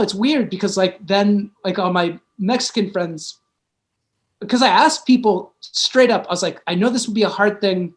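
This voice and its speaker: A man, a guest musician and DJ, telling stories in a casual, rambling chat full of fillers. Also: high-pitched.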